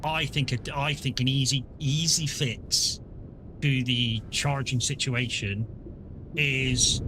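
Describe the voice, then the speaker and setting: Chatty male streamer over engine rumble. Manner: chatty, rambling, laughs often. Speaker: streamer playing a truck game. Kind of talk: casual live-stream chat. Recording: steady truck rumble behind voice.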